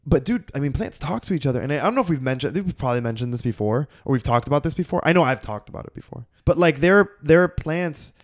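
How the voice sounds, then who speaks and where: A man's voice: fairly high pitch, animated, fast talker, hardly any pauses. A man co-hosting a podcast in casual chat, enthusiastic and swearing often. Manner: enthusiastic, frequent swearing and laughs. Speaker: podcast co-host.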